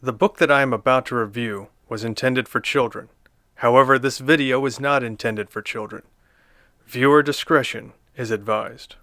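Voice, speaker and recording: Dry deadpan man reviewing a picture book. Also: medium pitch, moderate pace, no room sound. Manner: dry, sardonic, rambling asides.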